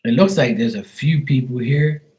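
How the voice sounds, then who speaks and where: A man's voice: medium pitch, normal speed, darkish tone. A man giving casual, profane tarot readings on a livestream, chatting loosely and laughing often between cards. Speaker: tarot reader.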